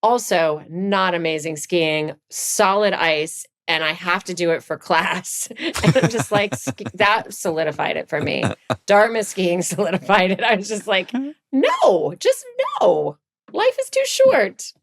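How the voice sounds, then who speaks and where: Lively middle-aged woman telling stories. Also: a little slow. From Virginia, USA. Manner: animated storyteller, jumps high for quoted lines. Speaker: podcast guest. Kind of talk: casual chat.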